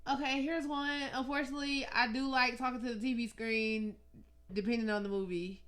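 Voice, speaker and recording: A woman co-hosting a podcast in casual chat, animated and laughing as she tells stories. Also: fairly high pitch, fairly quick. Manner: animated storyteller, laughs often, drawls words out. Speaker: podcast co-host.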